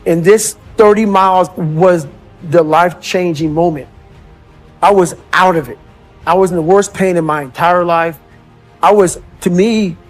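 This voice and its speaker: A middle-aged man from the United States giving blunt, profane motivational talk and calling listeners "man" and "bro". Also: high voice. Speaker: motivational speaker. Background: faint music.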